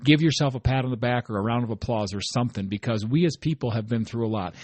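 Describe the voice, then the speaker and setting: A man's voice: medium pitch, fast, a little mellow, no echo. A man hosting a motivational solo podcast, talking conversationally and often checking in with "right?". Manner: conversational, often adds "right?" tag questions; earnest and encouraging. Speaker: podcast host.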